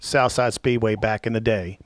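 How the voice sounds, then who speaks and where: A man's voice: lowish voice, fairly even intonation, normal speed, dry recording, clean studio sound. A man co-hosting a podcast, chatting eagerly with a guest. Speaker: podcast co-host. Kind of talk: casual interview chat.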